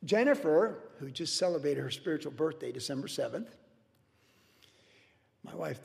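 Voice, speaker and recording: A man's voice: fairly high pitch, vocal fry, darkish tone, big-room sound. A man preaching a verse-by-verse sermon in a conversational way, full of personal stories and restarts. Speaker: pastor.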